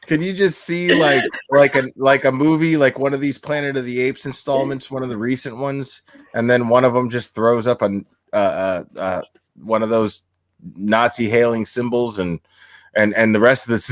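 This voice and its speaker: A man co-hosting a casual livestream chat, animated and joking with plenty of swearing. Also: mid-range voice, normal speed, dry recording. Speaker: podcast co-host.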